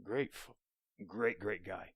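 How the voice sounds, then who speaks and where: A man's voice: fairly low pitch, slow pace, slightly rough, dry recording, studio quality. A young man hosting a podcast alone, telling a rambling, profane story and dropping into whispers now and then. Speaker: podcast host. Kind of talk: solo storytelling monologue. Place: small room, alone.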